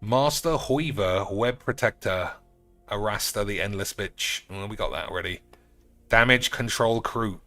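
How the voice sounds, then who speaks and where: A man's voice: fairly low pitch, measured pace, dry recording, faint music behind. Crude sarcastic male card-game streamer. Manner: crude, sarcastic, swears often; bursts into loud outbursts. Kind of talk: casual card game commentary.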